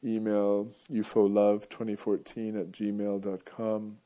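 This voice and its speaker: Low-pitched guy hosting a radio talk show, rambly and chuckly, wanders off topic a lot. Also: completely flat delivery, a little slow, warm tone. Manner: rambling, digressive, chuckles often. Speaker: radio host. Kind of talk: casual rambling monologue.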